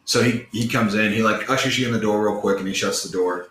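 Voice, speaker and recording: A man's voice: on the low side, steady tone, fast talker, a bit bright, a little hiss or hum. A man narrating a tabletop game as game master, rambling with lots of fillers, in an echoey room.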